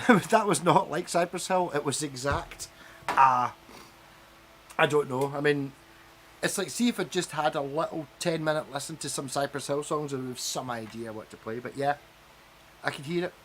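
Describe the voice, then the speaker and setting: Scottish male streamer, fairly high voice, animated and sweary, faint noise behind. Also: moderate pace. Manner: lively, swears freely, mimics other people. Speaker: livestream host. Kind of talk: casual chat.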